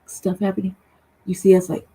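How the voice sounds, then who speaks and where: A woman's voice: medium pitch, monotone, a little fast, warm tone, breathy edge, low-quality recording. A woman talking bluntly and profanely on a livestream talk show over a remote call, often checking in with "right?". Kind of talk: casual heated talk. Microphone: remote streaming call.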